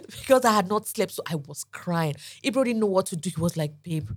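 Lively woman telling a story, lower voice. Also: fairly quick, hardly any pauses. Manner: lively storyteller acting out quoted dialogue. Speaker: podcast co-host. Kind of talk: casual storytelling chat.

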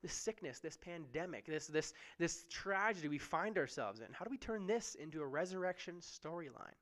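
A man's voice: fairly high pitch, animated, normal speed, fairly bright tone. A man giving a conversational sermon as a pastor, often checking in with "right?".

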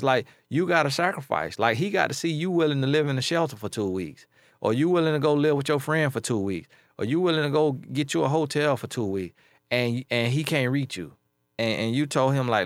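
A man's voice: fairly high pitch, expressive, a little fast, vocal fry, no room sound, clean studio sound. Blunt, emphatic man giving advice. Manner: emphatic, repeats key phrases, blunt street-talk advice. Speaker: life coach. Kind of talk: casual advice commentary.

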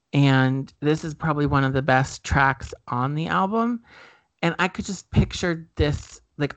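A man's voice: fairly high pitch, fairly bright tone, no echo. A man co-hosting a podcast in casual chat, rambling with many fillers and self-corrections. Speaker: podcast co-host.

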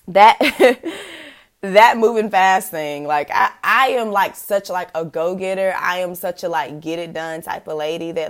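A young woman in early adulthood hosts a podcast, chatting casually about faith and dating. Her fairly low voice is animated, and she laughs often while scattering "like" and other fillers through her speech.

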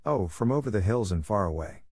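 A man's voice: fairly low pitch, animated, a little fast, darkish tone, husky, no room sound, clean studio sound. A man voicing a clever, bold little male cat in boots, eager and pleading in turn, in a storybook reading. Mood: flattering.

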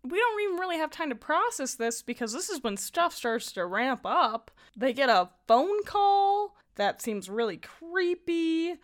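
A woman's voice: high-pitched, sing-song, measured pace, hardly any pauses. A young woman co-hosting a podcast, casually retelling a movie plot with lots of "like" and laughter. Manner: chatty retelling, many "like"s, laughs while talking. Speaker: podcast co-host. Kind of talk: casual movie recap chat.

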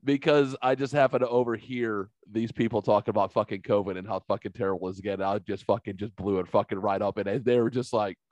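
Man, low voice, casual podcast host, swears a lot, animated storyteller, dry close sound. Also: quick pace, hardly any pauses, dry recording. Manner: animated, profane, acts out quotes.

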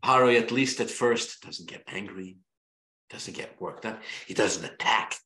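A man, a rabbi, teaching a Torah class in an animated way, repeating himself and restarting phrases. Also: lowish voice, a little slow, reverberant. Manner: animated, repetitive, many restarts.

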